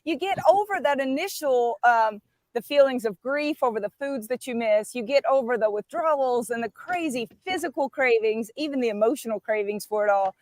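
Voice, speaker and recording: Fired-up woman with a high voice. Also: normal speed, no room sound. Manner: fired-up, animated storytelling. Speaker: guest. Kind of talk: enthusiastic livestream chat.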